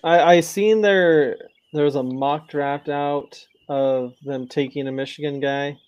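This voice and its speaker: A man co-hosting a sports podcast, quiet and hesitant in casual chat. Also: on the high side, fairly even intonation, unhurried, smooth, dry recording, muffled recording. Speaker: podcast co-host.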